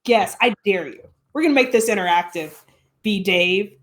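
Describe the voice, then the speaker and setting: A woman guest telling a story in a casual, animated way, full of fillers and quick laughs. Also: mid-range voice.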